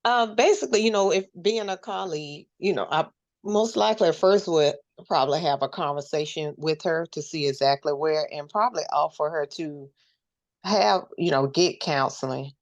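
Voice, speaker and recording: A woman's voice: low voice, moderate pace, dry recording, dull audio. A woman joining an online training, answering hesitantly and thinking aloud. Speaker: webinar participant.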